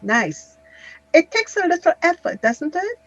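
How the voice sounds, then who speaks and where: A woman teaching an English grammar class on a video call, explaining slowly and patiently with examples. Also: very high voice, big pitch swings, a bit bright. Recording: dull lo-fi online call audio.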